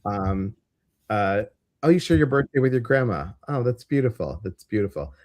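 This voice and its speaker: A man's voice: on the low side, expressive, normal speed, a little mellow. A man with a Chicago accent co-hosting a casual live-stream show, chatting and reading out viewer comments. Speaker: co-host of a live psychic show.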